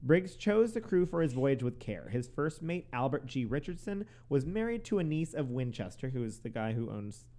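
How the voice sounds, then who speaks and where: A man's voice: medium pitch, big pitch swings, normal speed, hardly any pauses, dark tone. A man hosting a podcast, reading a history story aloud from notes with stumbles, self-corrections and giggles in casual chat. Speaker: podcast host.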